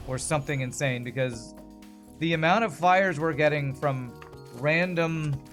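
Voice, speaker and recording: A man's voice: on the high side, a little slow, fairly bright tone, soft background music. A man streaming a video game, commenting live in a frustrated, swearing rant while apologizing to the ship's designer.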